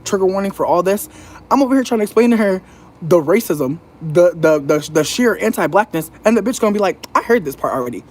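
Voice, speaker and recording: A man venting in a casual, profane monologue. He talks animatedly and mimics other people in a high voice. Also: animated, brisk, darkish tone. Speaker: vlogger.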